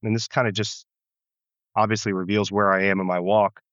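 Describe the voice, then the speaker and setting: American male pastor, interview guest; low-ish, reflective, restarts often; dry, muffled lo-fi audio. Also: level tone, brisk, a bit bright, clear, resonant tone, no echo. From United States. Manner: earnest, reflective, many restarts. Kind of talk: storytelling interview answer. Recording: dull muffled lo-fi sound.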